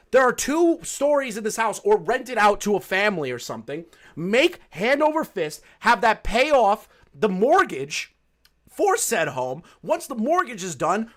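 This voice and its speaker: A man's voice: sits high, a bit bright. A man doing live-stream commentary, ranting with lots of swearing and frequent laughter. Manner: profane, ranting, laughs often.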